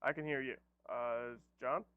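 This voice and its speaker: A man with a mid-range voice chats casually while playing a tabletop game online. He is easygoing and quick to joke and laugh. His voice is close and dry, with no room sound. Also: medium pitch, fairly even intonation, clean tone, no echo, narrow, tinny audio. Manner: easygoing, jokey, laughs often. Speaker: player.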